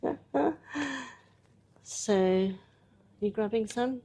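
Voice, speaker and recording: A woman's voice: medium pitch, drawn-out words, mellow. Chatty woman demonstrating at a workshop. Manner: chatty, laughing often, guiding a volunteer. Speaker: workshop presenter.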